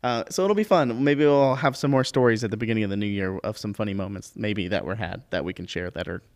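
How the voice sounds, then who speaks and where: A man hosting a casual livestream chat, easygoing and hesitant, often pausing on filler sounds. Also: fairly low pitch. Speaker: livestream host.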